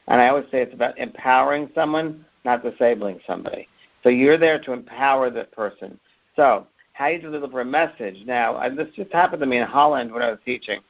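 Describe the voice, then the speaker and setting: A man's voice: mid-range voice, vocal fry. A man who teaches mediumship, telling stories from his work in an earnest, emphatic way and often repeating his words. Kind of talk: interview answer, storytelling. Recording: muffled lo-fi audio.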